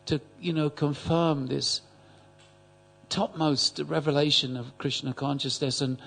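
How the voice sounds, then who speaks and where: Older man recounting an anecdote to a class; halting, animated, slightly high-pitched. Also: gravelly. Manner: halting, repeats words, animated. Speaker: class attendee. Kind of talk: storytelling in a group class.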